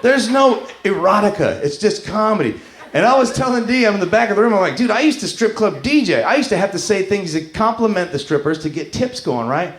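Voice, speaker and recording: A man doing a profane, animated stand-up set, telling stories and acting out characters on a club stage with a handheld mic. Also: high-pitched, fairly quick. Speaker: stand-up comedian. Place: comedy club stage before a live crowd. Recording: echoey club room, loud crowd noise. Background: audience laughter.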